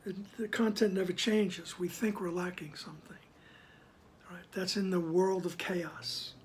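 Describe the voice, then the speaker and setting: A man reading a spiritual text aloud with reflective commentary. He is soft-spoken, often sinks to a whisper, reads slowly and with emphasis, and keeps checking in with the listener. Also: sits high, steady tone, slight background noise. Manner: slow, emphatic reading of passages. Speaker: spiritual text reader and teacher.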